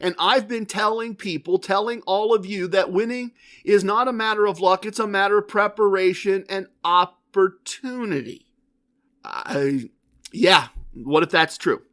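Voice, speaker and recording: A man's voice: high-pitched, measured pace, fairly bright tone. A man hosting a podcast, telling a rambling, self-questioning story in a casual solo monologue. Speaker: podcast host.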